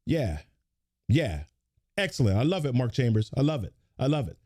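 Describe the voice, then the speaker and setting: A man's voice: medium pitch, very animated, moderate pace, warm tone, slightly rough. A man hosting a morning motivational live stream, greeting viewers by name and leading them through repeated affirmations with energy. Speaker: host of a motivational live show.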